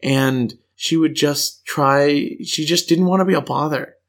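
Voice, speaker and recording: A man's voice: a little high, a little slow, a bit bright. A man with an American accent, co-hosting a podcast in casual, playful chat and telling rambling stories. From United States. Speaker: podcast co-host.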